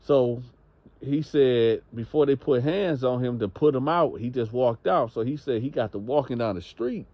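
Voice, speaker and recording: A man's voice: medium pitch, normal speed, no echo, lo-fi sound. A man narrating a story in a loose, slangy, conversational way.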